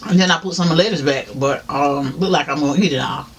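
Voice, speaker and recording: Southern man vlogger, high voice, chatty eating-show talk, faint hiss behind. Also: fast talker. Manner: chatty, laughing, talks while chewing, addresses viewers as y'all. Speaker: mukbang vlogger. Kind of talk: casual eating-show chat.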